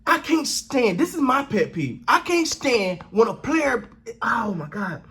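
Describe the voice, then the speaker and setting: This man has a husky, fairly high voice that swings all over the place as he rants about a football game. He hammers his points by repeating himself and talks in casual slang, like a sports channel host reacting on camera. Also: very animated, a little slow, a bit bright. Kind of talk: animated sports reaction rant.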